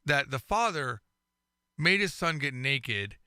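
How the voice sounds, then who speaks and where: A man co-hosting a podcast in casual chat, telling stories with lively delivery and acting out quoted lines. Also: mid-range voice, takes it slowly, smooth, dry recording, clean studio sound. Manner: animated storyteller, acts out quoted lines. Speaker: podcast co-host.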